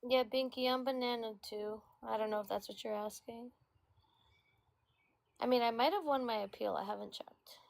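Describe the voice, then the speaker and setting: A woman's voice: fairly high pitch, steady tone, normal speed, creaky, no echo. A woman co-hosting a livestream in casual chat, teasing and snappy. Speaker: livestream co-host.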